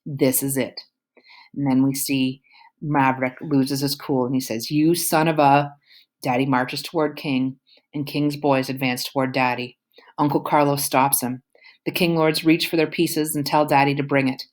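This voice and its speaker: A woman's voice: extremely low pitch, little pitch movement, normal speed. A woman reading a novel aloud, with occasional whispered asides. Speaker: audiobook reader.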